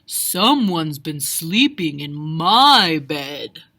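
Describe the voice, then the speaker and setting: A woman voicing a big gruff male papa bear in a children's story, slow and loud. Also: deep voice, big pitch swings, voice pushed down, heavily acted.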